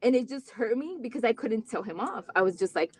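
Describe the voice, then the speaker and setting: A mother appears as a guest in a live interview, candidly telling her family's story with earnest warmth, long run-on sentences and plenty of "like." Her voice is on the high side and a little fast, with slight background noise, and she grows animated when recounting conversations.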